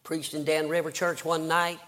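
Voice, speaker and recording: An older evangelist from the American South preaches a fervent sermon about his own conversion, escalating into emphatic outbursts. His fairly high voice shows little pitch movement, sounding pushed and bright at a normal speed.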